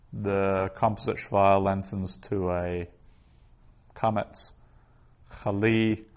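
In a slightly low voice, a male Hebrew teacher lectures his class, patiently working through each point in order while pausing with ums and restarting sentences.

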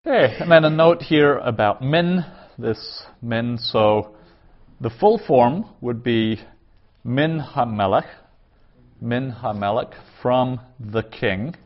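Around a table, a man teaches a Hebrew grammar class, explaining patiently and sounding words out slowly. His voice is medium in pitch with lively intonation, and the sound is lo-fi.

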